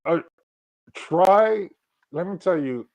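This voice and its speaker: A man's voice: sits high, expressive, slow pace, no echo, poor audio. A man co-hosting a livestream, telling rambling stories in casual chat. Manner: rambling storyteller, many restarts. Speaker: livestream co-host.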